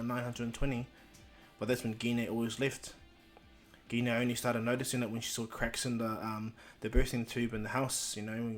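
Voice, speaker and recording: A man casually narrating an improvised fan story, rambling with restarts and voicing each character's lines as he goes. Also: medium pitch.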